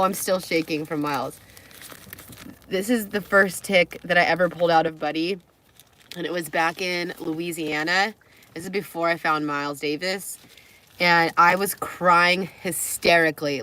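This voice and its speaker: A woman's voice: lowish voice, a bit bright. A young woman from California, chatting and rambling in a casual travel vlog from the car she lives in, often laughing. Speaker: vlogger.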